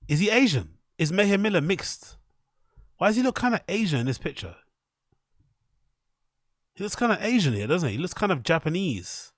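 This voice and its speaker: A man's voice: sits high, no room sound, studio quality. Profane man riffing on clips. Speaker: streamer host. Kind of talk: casual stream commentary.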